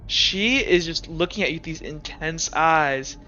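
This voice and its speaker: A man with a fairly high, sharp-toned voice narrates a tabletop game as game master, a little slowly. He rambles with heavy filler and frequent restarts, and the audio is dull with soft music in the background.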